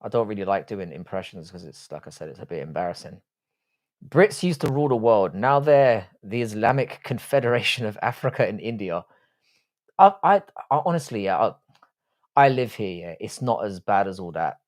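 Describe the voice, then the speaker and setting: A man's voice: fairly low pitch, expressive, normal speed, darkish tone. An Irish man hosting a live stream, chatting casually and reading out viewer comments, blunt and swearing freely with a self-deprecating edge. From Ireland. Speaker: livestream host.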